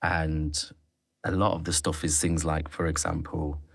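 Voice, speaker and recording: Man, low voice, candid podcast guest, reflective, stops and restarts sentences, dry close mic. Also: level tone, a little slow, vocal fry, dry recording. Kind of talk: candid interview conversation.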